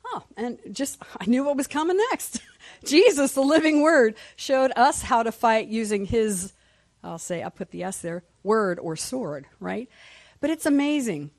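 A woman's voice: on the high side, animated, a little slow, no room sound. A woman teaching a Sunday school class in church, passionate and reading scripture aloud.

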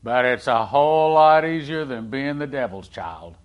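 A man preaching a sermon in a conversational way, asking the congregation questions and swinging between loud and hushed delivery. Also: medium pitch, moderate pace, dull audio. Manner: animated, swings from loud to hushed, acts out quoted dialogue.

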